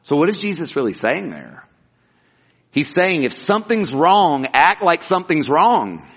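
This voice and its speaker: A man's voice: fairly high pitch, sing-song, a little slow, fairly bright tone, slightly rough, in a large hall. A man preaching a sermon as a pastor, earnest and emphatic, asking rhetorical questions and answering them.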